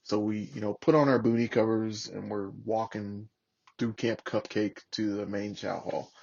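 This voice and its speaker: A man in his thirties, a former Marine guest on a podcast, telling war stories in a casual, profane, animated way and acting out the voices of the people in them. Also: fairly low pitch, normal speed, gravelly, dull audio. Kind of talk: casual storytelling.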